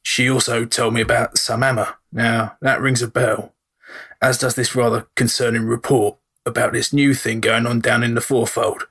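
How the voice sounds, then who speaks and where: A man playing a gruff, gravelly leader. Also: medium pitch, flat delivery, normal speed, fairly bright tone. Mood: brusque. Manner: blunt, swears mildly. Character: gruff, harried middle-aged male leader.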